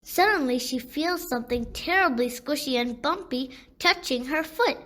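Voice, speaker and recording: A woman narrating a children's storybook in a gentle, deliberate way. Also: sits high, expressive.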